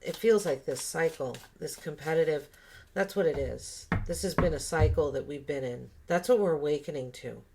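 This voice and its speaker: Low-voiced lady reading tarot cards, thinking out loud, bit of faint hiss behind. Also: normal speed, creaky. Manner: musing, thinking aloud with many fillers and restarts. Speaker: tarot reader. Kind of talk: casual spoken tarot reading.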